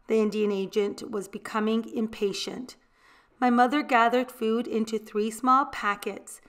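A woman reading a picture book aloud, gentle storytelling that gives voice to the characters. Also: mid-range voice, fairly even intonation, slow. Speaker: storybook reader.

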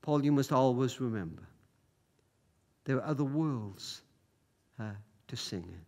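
A man doing a gentle woman operator. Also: a little high, big pitch swings, moderate pace, pitched below the performer's own voice. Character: polite middle-aged woman telephone operator.

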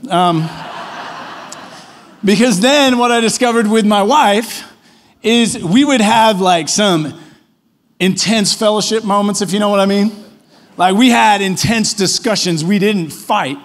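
A man's voice: high-pitched, moderate pace. A man preaching a conversational sermon as pastor in church, telling stories casually and often tagging on questions. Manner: casual storytelling, frequent tag questions.

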